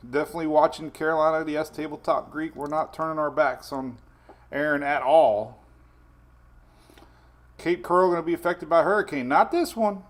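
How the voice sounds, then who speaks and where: A man's voice: fairly high pitch, normal speed. A man hosting a casual weather livestream from home, chatty and laughing often while his dogs run around.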